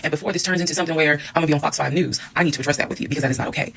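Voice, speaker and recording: A woman rattles through a personal storytime at breakneck speed. Her voice has a gravelly fry, and she is blunt and candid, swearing freely. She acts out the back-and-forth of old arguments as she goes. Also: low-pitched, steady tone, racing, fairly bright tone, low-quality recording. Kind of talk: storytime monologue.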